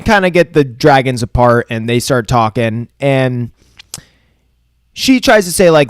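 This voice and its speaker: A man in a casual podcast chat, recapping an episode in a loose, swearing, rambling way. His pitch sits in the middle for a man. The sound is dry and close, with no room around it. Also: lively intonation, a little slow, clear, resonant tone, no echo. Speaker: podcast co-host.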